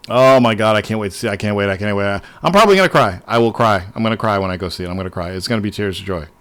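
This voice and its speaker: A man hosting a casual livestream, talking excitedly and swearing often as he rambles to his viewers. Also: lowish voice, very fast, clear, resonant tone. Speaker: livestream host.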